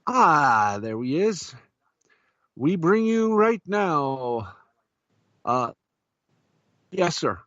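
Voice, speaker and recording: A man's voice: fairly high pitch, big pitch swings, drawn-out words, pauses often, a bit bright, no room sound, dull audio. A man hosting a casual talk show, speaking unhurriedly with many filler sounds. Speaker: podcast host.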